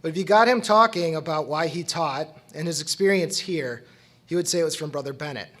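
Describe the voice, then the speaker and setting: A man presenting an award with a prepared, heartfelt tribute speech, read in a measured way. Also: on the high side, fairly bright tone.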